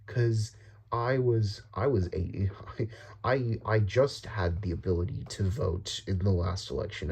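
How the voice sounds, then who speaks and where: A man's voice: lowish voice, creaky, dark tone, slightly rough. Rambling young man from the Dominican Republic. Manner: rambling, restarts often, swears, laughs nervously. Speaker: vlogger. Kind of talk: casual political rant.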